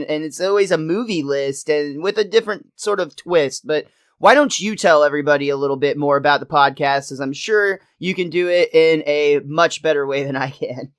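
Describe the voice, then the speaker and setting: A man's voice: fairly high pitch, a bit bright, smooth, no room sound. A man hosting a podcast, chatting in an upbeat, jokey, teasing way. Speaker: podcast host. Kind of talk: casual chat.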